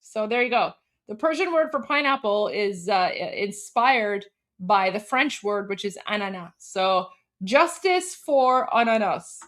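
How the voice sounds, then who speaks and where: A woman's voice: medium pitch, animated, a little slow, fairly bright tone. A woman in her forties from Canada, hosting a live stream in a bubbly, chatty way with frequent laughter. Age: 40s. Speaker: livestream host. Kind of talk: casual live-stream chat.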